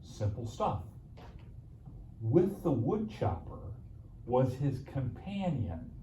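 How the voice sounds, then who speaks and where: A male pastor telling a sermon story with dramatic pauses and playful asides. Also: mid-range voice, dark tone, far from the mic, slight background noise. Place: church sanctuary. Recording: echoey church room, mic from afar, faint ambience.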